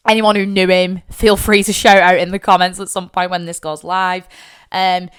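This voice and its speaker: A woman's voice: lowish voice, normal speed, smooth. A young woman with a Lancashire accent, hosting a podcast and telling personal stories in a candid, chatty way with casual swearing. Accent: Northern English, Lancashire. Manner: chatty and candid, swears freely, animated when acting out family. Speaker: podcast host. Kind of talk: personal storytelling monologue.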